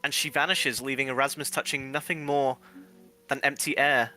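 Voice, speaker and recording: A man narrating a tabletop game as game master with steady, descriptive storytelling. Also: medium pitch, normal speed, soft background music.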